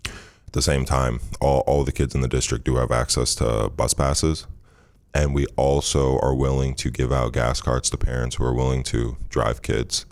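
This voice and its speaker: A man with an extremely low, flat voice tells his story in a loose, rambling way, full of "um"s and restarts. He sounds like a former athlete in his thirties from Michigan. The recording is close and dry. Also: moderate pace, creaky, dry recording. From Michigan, USA. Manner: relaxed, rambling, frequent fillers and restarts. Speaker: interview guest, former basketball player. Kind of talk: casual storytelling interview.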